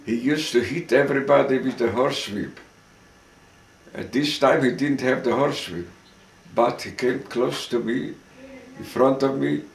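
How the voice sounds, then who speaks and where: Older man telling testimony, slow and halting. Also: medium pitch, gravelly, a little hiss or hum. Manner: halting, repeats and restarts words. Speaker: witness giving testimony. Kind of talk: recorded oral testimony. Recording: roomy recording from a distance.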